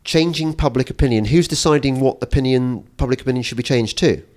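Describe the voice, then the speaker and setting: A man hosting a podcast interview, talking in an animated way with frequent restarts and teasing asides. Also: medium pitch, fast. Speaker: podcast host. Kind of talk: conversational interview.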